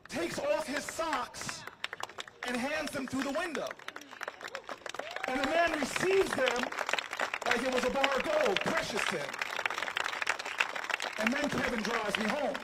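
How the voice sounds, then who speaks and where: A man's voice: extremely high pitch, poor audio. A man, a politician hosting a livestream, tells a humorous, self-deprecating story to a crowd outdoors. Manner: animated, jokey, self-deprecating. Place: outdoors on building steps.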